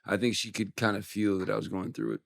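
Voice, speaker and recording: A man's voice: lowish voice, flat delivery, fast talker, gravelly, no echo, clean studio sound. A man in his forties, a musician guest on an interview podcast, telling a personal story candidly and emotionally, with some swearing.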